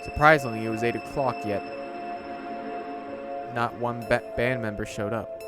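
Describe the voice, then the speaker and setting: A man reading a horror story aloud in a slow, deliberate narration. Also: mid-range voice, loud music behind the voice.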